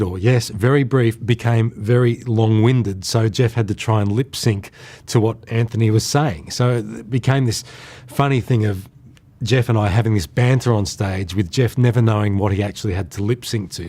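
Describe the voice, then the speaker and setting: A man's voice: lowish voice, darkish tone. Rambling, chuckling Australian man. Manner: chatty and rambling, chuckles as he tells stories. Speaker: entertainer recalling his career. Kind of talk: casual reminiscing monologue.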